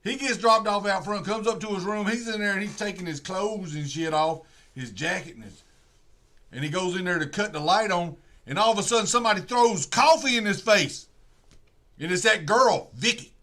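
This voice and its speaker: A man with a bright, forceful voice pitched a little high retells a movie he watched. He rambles and corrects himself, and he drops low to act out the characters' lines. The tone is casual livestream chat. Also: lively intonation, moderate pace. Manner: rambling storytelling, acts out quotes in a low voice. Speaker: livestream host.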